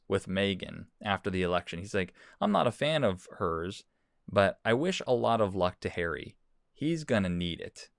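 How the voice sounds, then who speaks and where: Here a man hosts a talk show, commenting casually on news and social media posts, reading quotes out and frequently repeating words. He speaks in a low voice, captured in clean studio sound without echo.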